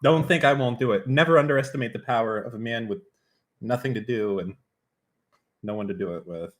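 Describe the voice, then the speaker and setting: A man's voice: mid-range voice, fairly quick. A man streaming live, chatting casually in a brash, profane, mock-threatening way.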